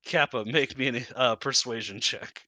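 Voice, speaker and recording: A man's voice: mid-range voice, moderate pace, pushed and bright, dry recording. A man narrating as game master in a casual, descriptive way with many fillers.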